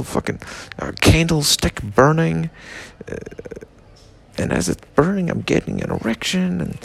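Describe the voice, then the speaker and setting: Raspy, rambling drunk man. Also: a little high. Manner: slurred, rambling, swearing. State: drunk and stoned. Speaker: comedic vlogger. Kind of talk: rambling comedy monologue.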